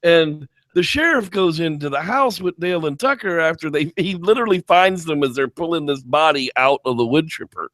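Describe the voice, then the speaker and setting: A man in casual chat, recounting a film's plot with rising excitement and a slightly high voice. He speaks close to the mic in a dry, deadened space, pitching up sharply when he acts out characters. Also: fairly quick, few pauses, no echo. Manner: animated retelling, squeals when quoting characters. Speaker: podcast co-host. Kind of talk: casual movie review chat.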